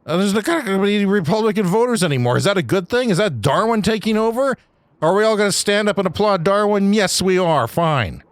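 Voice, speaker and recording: A man hosting a podcast, delivering an agitated, profane comedic rant that swings between loud outbursts and low muttering. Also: animated, brisk. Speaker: podcast host. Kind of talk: ranting comedic monologue.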